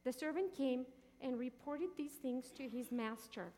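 Woman teaching scripture, high voice in a hall. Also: unhurried, mellow. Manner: asks the listeners questions and answers them. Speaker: Bible teacher. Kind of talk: teaching sermon.

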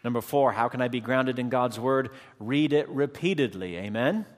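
A man's voice: medium pitch, moderate pace. A man preaching a sermon as pastor, addressing his congregation and calling out for amens. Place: church sanctuary. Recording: long hall reverb.

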